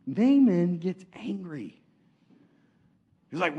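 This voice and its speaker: A man preaching a sermon, retelling stories in a lively, casual way and acting out the quotes. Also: high voice, normal speed, pauses often, husky.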